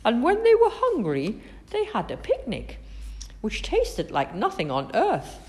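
A woman reading a children's story aloud in an expressive, sing-song way. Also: on the high side, unhurried.

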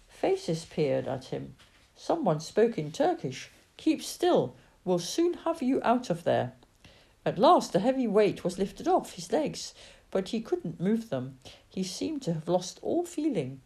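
A woman reading a children's story aloud in an expressive, dramatic way. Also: on the low side. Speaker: narrator.

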